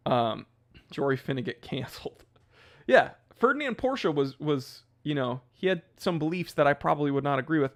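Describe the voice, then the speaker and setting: A man's voice: fairly high pitch, animated, moderate pace. A man hosting a casual livestream, chatting loosely and rambling, with laughs at his own jokes. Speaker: livestream host.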